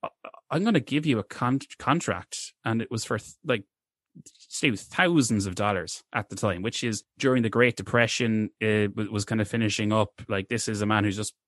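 A man's voice: on the low side, normal speed, a bit bright, no room sound, clean studio sound. A man co-hosting a podcast, telling a history story in a rambling, casual way, with lots of fillers and restarts.

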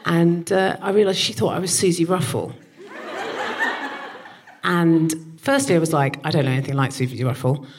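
A woman in her forties, a comedian co-host, telling comic stories on a live stage, animated and swearing. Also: lowish voice, normal speed, long pauses, noisy background. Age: 40s. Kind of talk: comic storytelling.

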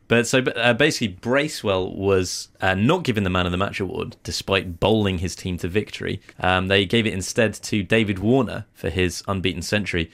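A man's voice: low voice, fairly quick, vocal fry, hardly any pauses, fairly bright tone. A man co-hosting a podcast in a studio, chatting casually and teasing his co-host with dry banter. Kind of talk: casual chat.

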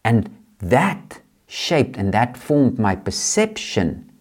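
A man's voice: fairly low pitch, sing-song, slow pace. A man from Africa, hosting a podcast and telling a motivational story in an earnest, repetitive way. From South Africa. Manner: earnest, repetitive, builds emphasis. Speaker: podcast host.

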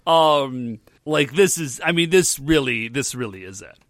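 A man's voice: mid-range voice, animated, unhurried, fairly bright tone, no room sound, studio quality. A man casually recapping a show with a co-host, agreeable and chiming in, sometimes acting out lines. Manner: agreeable, chiming in, acts out quotes. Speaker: podcast co-host.

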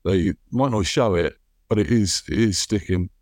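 A man hosting a podcast, chatting in a relaxed, agreeable way. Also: low-pitched, moderate pace, no room sound, clean studio sound. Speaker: podcast host. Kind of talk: casual conversation.

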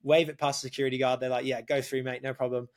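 A man telling a story in casual podcast chat, animated, swearing often and calling the listener mate. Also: medium pitch, quick pace. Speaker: podcast guest.

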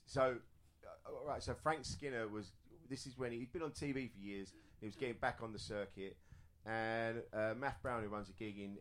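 A middle-aged man, a comedian telling a rambling story on a live comedy panel, often laughing at his own jokes. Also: mid-range voice. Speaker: comedian and house player. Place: live venue with audience.

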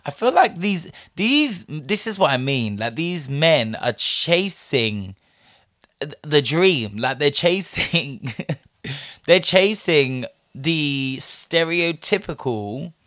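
Responding to a listener's story, this host is very animated yet slow, his voice a little high and a bit bright. His casual commentary is chatty and sassy, loaded with "like" and frequent laughter. The sound is clean studio quality with no echo.

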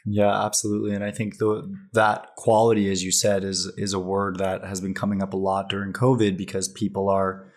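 A man hosting an interview podcast, speaking in a measured way with affirming fillers. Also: low-pitched, monotone. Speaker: podcast host. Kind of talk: casual interview talk.

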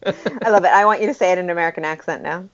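A woman's voice: on the low side, very fast, highs cut off. A woman chatting as a podcast guest, playful and teasing. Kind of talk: casual chat.

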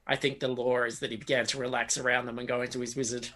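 A man's voice: mid-range voice, little pitch movement, fast, sharp tone. Reflective man rambling through fillers. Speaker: tabletop game master, interview guest. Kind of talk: casual interview chat.

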